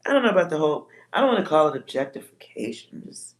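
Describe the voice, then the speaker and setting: Low-voiced blunt woman. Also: sing-song, fast. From Texas. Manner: blunt, profane, laughs often. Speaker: psychic reader on a livestream. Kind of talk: casual livestream chat.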